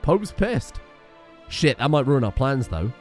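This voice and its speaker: A man's voice: medium pitch, big pitch swings, unhurried, soft background music. A man casually commenting on his strategy game as he plays, chatty, swearing freely and often getting sidetracked. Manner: chatty, profane, easily sidetracked. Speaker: gaming streamer.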